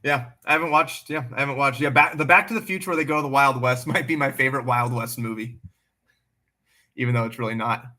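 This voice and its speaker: Bright-voiced man chatting on a livestream. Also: medium pitch, fast talker. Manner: blunt and animated, swears freely. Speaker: livestream host answering chat questions. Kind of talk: casual livestream chat.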